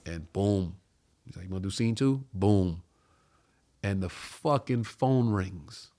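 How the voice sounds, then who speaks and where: A man's voice: low voice, takes it slowly. A man telling a long story on a casual talk show, acting out what others said and swearing freely. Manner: animated storyteller, acts out quoted voices, swears freely. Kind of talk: casual storytelling among friends.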